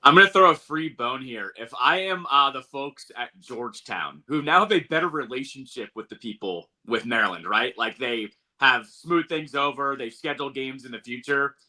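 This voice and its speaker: Bright, emphatic sports podcast man. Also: medium pitch, expressive, moderate pace, hardly any pauses. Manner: emphatic, joking, riled up. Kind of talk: casual sports chat.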